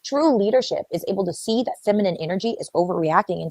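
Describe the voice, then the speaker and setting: A woman in a played discussion clip, calmly explaining relationship ideas. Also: medium pitch, fast, no echo. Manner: calm and explanatory, acts out example quotes.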